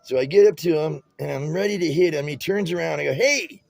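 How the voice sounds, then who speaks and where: Speaking fast in a fairly high, gravelly yet mellow voice, a man demonstrates tie-dyeing a shirt while spinning meandering stories. His streetwise, casual speech keeps restarting and drifting, on a dry, rough recording.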